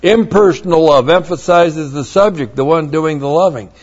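A man's voice: on the high side, normal speed, darkish tone, slightly rough, lo-fi sound. A man preaching a sermon, emphatic and blunt, with mocking asides.

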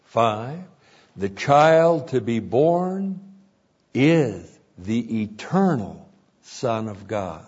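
A man delivers an expository sermon at an unhurried, measured pace, repeating each point for weight. His voice is slightly husky and swings widely in pitch, and the recording sounds muffled and lo-fi. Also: sing-song, a little mellow. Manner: slow, deliberate, repeats each point for emphasis. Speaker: preacher.

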